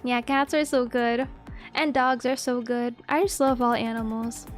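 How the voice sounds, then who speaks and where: High-voiced giggly young woman streamer. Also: moderate pace, faint music behind. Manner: giggly, excitable, swearing. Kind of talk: casual chat.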